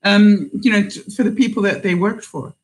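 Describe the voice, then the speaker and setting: A woman's voice: mid-range voice, moderate pace, poor audio. Chatty, rambling woman livestreaming. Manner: chatty and rambling, laughs often. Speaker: vlogger hosting a livestream. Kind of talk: casual livestream chat, reading viewer comments.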